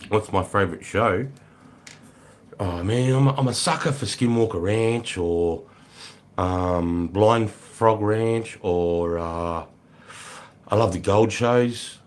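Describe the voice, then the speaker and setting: An Australian man hosting a casual livestream, greeting viewers and chatting with a relaxed, swearing, matey manner. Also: lowish voice, slow. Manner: swears freely, laid-back, greets chatters as mate and brother. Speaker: livestream host. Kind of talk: casual livestream chat reading comments.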